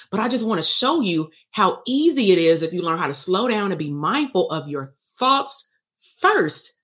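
A woman hosting a live online workshop, telling a story casually and animatedly, acting out dialogue and laughing often. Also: on the low side. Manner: casual and salty, with frequent laughs. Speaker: bootcamp host and therapist coach.

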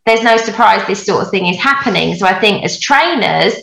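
A woman's voice: mid-range voice, lively intonation, a little fast, gravelly, fairly bright tone, echoey room, rough recording. A woman dog trainer speaking earnestly and with enthusiasm in a casual panel chat.

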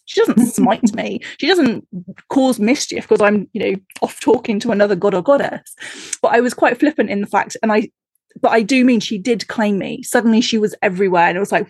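A woman podcast host with a husky, breathy voice talks close and dry. She is chatty and animated, quick to laugh between her questions. Her pitch sits in an ordinary middle range. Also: no room sound. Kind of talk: casual interview chat.

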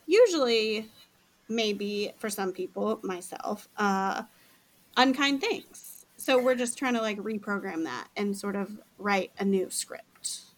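A woman's voice: mid-range voice, lively intonation, slow pace. A woman in her forties hosting a podcast, talking casually in a chatty, self-deprecating way and laughing at herself. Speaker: podcast host.

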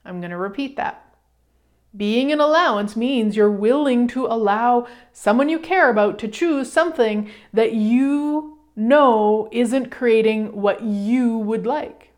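Speaking at a slow pace in a voice that sits a little high, a female radio host offers laid-back motivational talk. She's lively about it, performing brief back-and-forth quotes and cursing now and again.

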